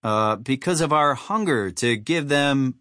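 A man's voice: mid-range voice, expressive, unhurried, bright, forceful tone, no echo. A man voicing a grumpy, sarcastic male bird hero in a storybook reading. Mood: gruff. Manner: gruff, dry sarcasm.

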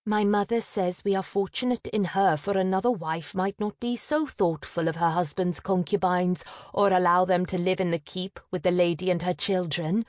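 A woman voicing a timid, tearful youngest sister who talks softly and sighs. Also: on the low side, normal speed, hardly any pauses, dry recording, studio quality, natural voice. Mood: earnest. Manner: soft, plaintive, sighing.

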